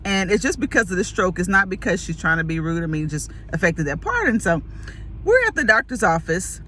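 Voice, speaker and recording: A woman telling a casual story to camera, lively and laughing, acting out the people in it. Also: on the low side, a little fast, a little hiss or hum. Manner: animated, acts out quoted voices, laughs often.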